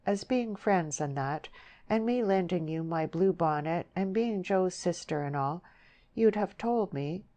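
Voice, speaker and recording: A woman's voice: medium pitch, expressive, unhurried, few pauses, a little mellow, voice pushed up, lightly acted. A woman voices a shy young country girl who speaks in rustic dialect, hesitant and plaintive, raising her voice above her own.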